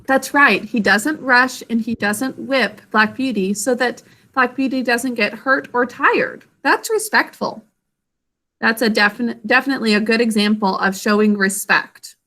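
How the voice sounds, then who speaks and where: A woman teaching a class over a video call, encouraging and sounding out words slowly. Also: a little high, pushed and bright.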